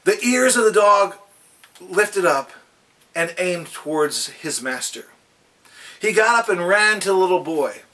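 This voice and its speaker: A man with a high, bright and forceful voice gives a daily devotional, telling folksy anecdotes along the way. He sounds a little distant from the microphone. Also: lively intonation, unhurried, long pauses. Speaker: devotional speaker.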